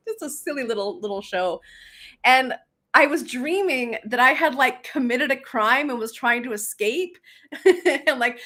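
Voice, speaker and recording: A woman whose voice sits high and sounds fairly bright hosts a casual live stream as a business coach. She reads comments aloud and chats with plenty of laughter and fillers.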